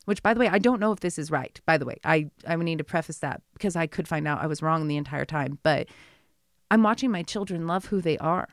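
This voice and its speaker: A woman's voice: low-pitched, fairly quick, no echo. Woman, 30s, chatty guest storyteller, dry close mic. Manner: chatty, animated storytelling with many asides. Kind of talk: casual conversation.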